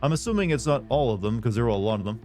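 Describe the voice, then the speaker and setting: A man's voice: medium pitch, expressive, racing, darkish tone, soft background music. Sarcastic joking male streamer. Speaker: live streamer. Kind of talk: casual live-stream chat with viewers.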